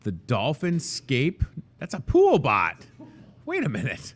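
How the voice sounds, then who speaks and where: A man's voice: medium pitch, huge pitch swings, slow. A man in his thirties hosting a casual show from a grocery store café, jokey and rambling. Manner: jokey, rambling, self-deprecating. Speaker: host. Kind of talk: casual chat.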